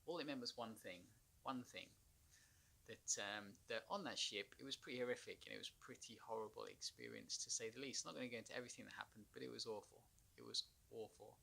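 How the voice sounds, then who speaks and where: A former marine turned anxiety consultant tells a personal story to camera in a halting, rambling way, with sighs and nervous laughs. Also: male voice, mid-range voice, creaky, pushed and bright.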